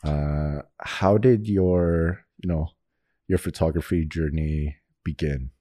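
A man co-hosting a podcast, asking slow, halting questions with many pauses. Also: rumbling low, fairly even intonation, dark tone, no echo, studio quality. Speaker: co-host. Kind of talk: podcast interview.

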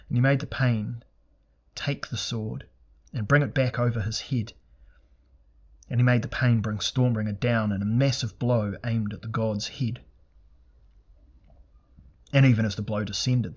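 A man narrating a fantasy audiobook in a steady, measured, dramatic reading. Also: lowish voice, breathy edge.

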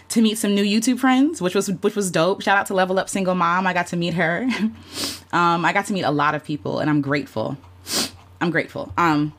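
A woman with a fairly low, slightly bright voice hosts a casual livestream as a content creator, reflecting on the year. She speaks openly and from the heart with lots of fillers, greeting and thanking viewers by name. At times she grows emotional and close to tears.

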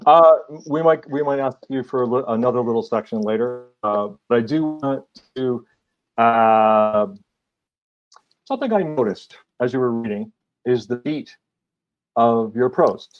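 A man interviewing a writer, thoughtful and halting, often pausing to search for his words. His voice sits at an ordinary mid pitch. The sound is dull and muffled, like a lo-fi call line. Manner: halting, thoughtful, many hesitations. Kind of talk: casual interview.

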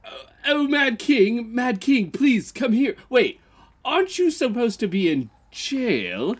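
An improv performer playing a fussy chief royal advisor who is flustered, hesitant and pushy. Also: male voice, very high-pitched, very animated, slow pace, heavily acted. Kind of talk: improvised comedy role-play.

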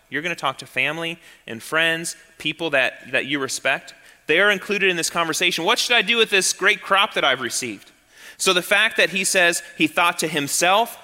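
Male pastor, sermon, very bright tone, slightly high voice, long hall reverb. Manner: emphatic preaching, drops to soft low tones for quotes.

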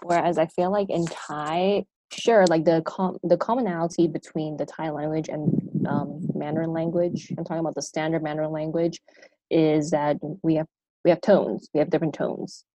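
A woman with an American accent muses aloud as a podcast co-host, trailing into long sentences and restarting them as she thinks. Her voice sits fairly low and sounds soft and mellow. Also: fairly even intonation, moderate pace, dry recording, poor audio. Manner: reflective, talks in long winding sentences with restarts. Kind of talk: casual chat.

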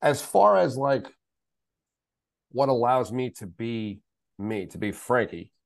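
A gravelly, mid-range male voice, very animated but slow, belongs to a middle-aged podcast guest who is a special needs father. He talks candidly and emphatically in a conversational interview, repeating himself and swearing at times, on a dry recording.

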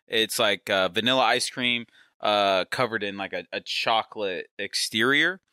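A man with a lowish, bright, forceful voice rambles through a mock-serious explanation in casual podcast chat. He hesitates often and fills gaps with ums and uhs. The recording is dry and close. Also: moderate pace, smooth, dry recording.

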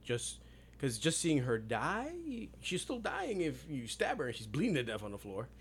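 A man's voice: on the high side, huge pitch swings, moderate pace, a little hiss or hum. A man co-hosting a book podcast, casually retelling scenes and acting out characters' lines. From New York. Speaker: podcast co-host.

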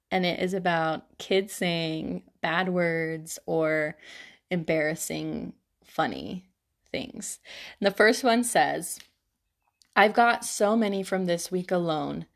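Slow-talking giggly woman podcaster. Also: fairly low pitch, vocal fry. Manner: giggly, lots of "like" fillers. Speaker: podcast co-host. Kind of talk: casual chat, reading listener stories.

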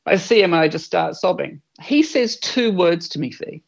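A man's voice: high-pitched, animated, normal speed, vocal fry, lo-fi sound. A man, an earnest and reflective podcast guest who swears freely. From New Zealand. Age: 40s. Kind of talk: podcast conversation.

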